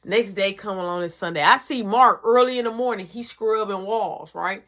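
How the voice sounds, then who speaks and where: A woman's voice: medium pitch, normal speed, a bit bright. A woman telling a personal story in casual, slangy, profane narration.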